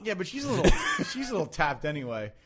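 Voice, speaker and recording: A man co-hosting a podcast, talking about movies in a loose, animated way, with lots of swearing and laughter. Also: high voice, fast, slightly rough. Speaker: podcast co-host. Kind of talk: casual chat about movies.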